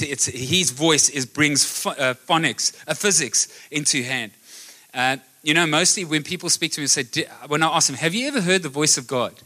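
Emphatic preacher, bright voice. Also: male voice, on the high side. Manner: builds to loud emphatic repetition. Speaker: pastor. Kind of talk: sermon. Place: church hall.

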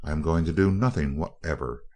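A man reading a cold male scientist villain in a spoken story. He speaks in a very deep voice, with a cool, even, clipped delivery. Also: moderate pace. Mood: coldly calm. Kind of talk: audiobook character voice.

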